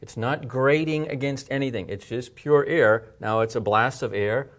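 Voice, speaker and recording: A man's voice: medium pitch, normal speed, few pauses. Patient man teaching letter shapes. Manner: patient, step-by-step, demonstrates sounds. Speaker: language teacher. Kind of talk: explaining pronunciation and handwriting.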